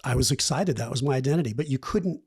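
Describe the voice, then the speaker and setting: A man in his fifties, guesting on a podcast, candidly tells rambling stories about his past in an animated style, acting out the voices of the people involved. He speaks quickly in a mid-range, slightly rough voice.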